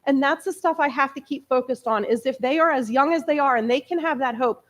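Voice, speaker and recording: A woman in her early forties speaks from the front of a church, telling her own story of lost and found hope. Her voice sits a little high, and she talks in a candid, conversational way that turns emotional as she goes. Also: fairly quick. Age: 40s. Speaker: guest speaker. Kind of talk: personal testimony sermon. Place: church sanctuary.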